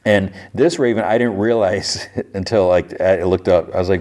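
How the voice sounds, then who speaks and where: A man's voice: sits low, normal speed, darkish tone. A man hosting a podcast, casually retelling a TV episode in a rambling way, full of fillers like "like" and "you know.". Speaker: podcast host. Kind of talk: casual show recap.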